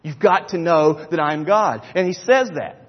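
A man's voice: a little high, unhurried. A middle-aged man preaching a sermon in a church, emphatic and repetitive, acting out the people he quotes. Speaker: pastor. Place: church sanctuary. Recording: dull sound with long hall reverb.

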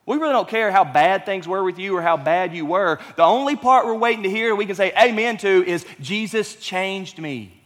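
A man's voice: sits high, brisk, few pauses, a bit bright, long reverb tail. A man preaching a sermon as pastor, conversational and emphatic, with frequent rhetorical questions.

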